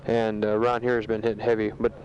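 Soldier in his bunker reading out news to family; flat, plain, matter-of-fact man, muffled lo-fi tape. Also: fairly low pitch, a little hiss or hum. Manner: matter-of-fact, halting with many fillers. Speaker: soldier sending a taped letter home. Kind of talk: casual spoken letter. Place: sandbag bunker in a war zone. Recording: dull lo-fi home tape recording.

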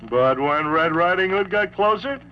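A man narrating a comic storybook record in a wry, deadpan way with joking asides. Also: sits high, moderate pace. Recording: dull lo-fi vintage record with faint hiss.

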